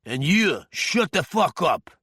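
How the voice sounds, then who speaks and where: A man doing a menacing low gangster. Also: lively intonation, takes it slowly, fairly bright tone, breathy edge, no room sound, studio quality, full character voice. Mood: threatening. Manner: low, threatening, profane.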